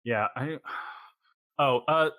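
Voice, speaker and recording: A man's voice: medium pitch, drawn-out words, sharp tone, dry recording. Rambling man hosting a podcast, dry sound. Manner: rambling, thinking aloud. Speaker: podcast host. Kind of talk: casual podcast chat.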